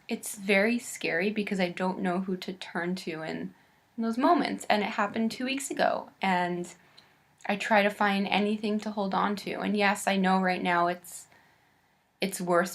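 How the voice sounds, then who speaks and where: A woman in her late twenties speaking in a halting, candid confessional vlog, close to tears. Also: on the low side, vocal fry. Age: late 20s. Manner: halting and candid, with pauses and restarts. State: on the verge of tears. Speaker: vlogger.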